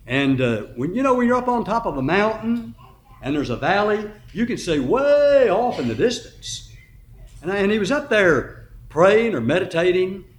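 A man's voice: fairly high pitch, roomy sound. A man preaching, retelling a story dramatically with emphatic rises in his voice. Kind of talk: sermon storytelling.

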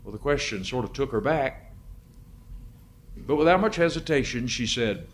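A man's voice: medium pitch, animated, normal speed, long pauses. A man delivers a sermon with a storyteller's touch. His voice sits in a middle register and swells, then falls almost silent for effect. A light hiss runs under the recording. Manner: dramatic storyteller, swings between loud and hushed. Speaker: preacher.

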